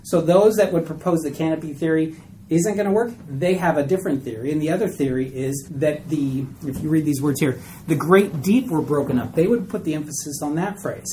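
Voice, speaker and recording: A man's voice: fairly high pitch, a little fast, mellow, rough recording. Man, Bible study teacher, casual classroom lecture, keeps asking "okay?", faint room hum. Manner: chatty, checks in with "okay?" and "right?" often.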